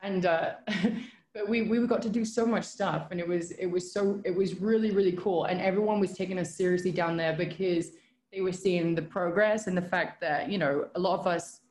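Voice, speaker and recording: A woman's voice: on the low side, steady tone, normal speed, a little mellow, roomy sound. Chatty woman guest, laughing often. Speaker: guest wrestler. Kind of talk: casual storytelling chat.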